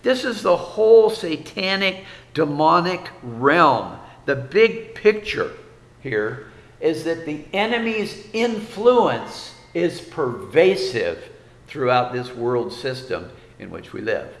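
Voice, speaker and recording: A man's voice: on the high side, big pitch swings, takes it slowly, gravelly, echoey room, long reverb tail. A man preaching a sermon as pastor, folksy, with rhetorical questions and repeated phrases.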